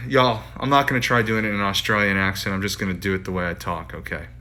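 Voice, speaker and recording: He talks fast in a steady, low-leaning voice that comes across pushed and bright. The man is a painter chatting casually on a phone livestream inside his art studio, reading his own writing and often restarting or repeating phrases.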